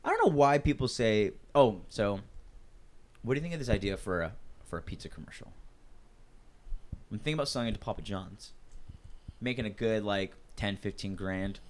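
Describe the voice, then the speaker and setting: A man's voice: on the low side, animated, moderate pace, long pauses, slight background noise. A man in a casual podcast chat, rambling and joking with lots of restarts. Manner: rambling, jokey, hesitant restarts.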